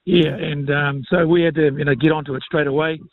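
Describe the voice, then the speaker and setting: A man, a former rugby player speaking reflectively and haltingly in an interview. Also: a little high, steady tone, no echo. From New Zealand. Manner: reflective, halting, many fillers. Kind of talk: casual interview. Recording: phone-like thin sound.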